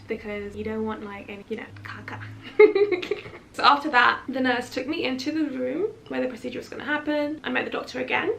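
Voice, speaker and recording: A woman's voice: fairly high pitch, vocal fry, fairly bright tone, a little hiss or hum. A woman vlogging, telling a personal story in a frank, chatty and dramatic way, often laughing. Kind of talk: candid storytelling vlog.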